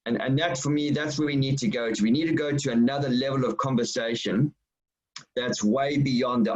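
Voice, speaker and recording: A man's voice: mid-range voice, moderate pace. A middle-aged Australian man speaking earnestly on a webinar panel, often repeating his words. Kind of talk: casual discussion. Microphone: video call. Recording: muffled lo-fi video call audio.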